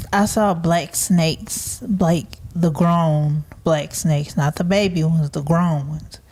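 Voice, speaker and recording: A young adult woman, a podcast guest, recalling past experiences slowly and matter-of-factly. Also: sits low, steady tone, warm tone. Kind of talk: conversational recollection.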